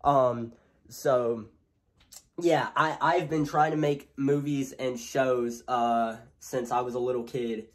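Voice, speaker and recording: Congested teen guy, home vlog, handheld cam, loud rambling delivery. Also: mid-range voice, steady tone, slow pace. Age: young adult. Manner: rambling, filler-heavy, talking extra loud. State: sick and congested. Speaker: vlogger. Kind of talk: casual vlog. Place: home, indoors. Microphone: handheld camera.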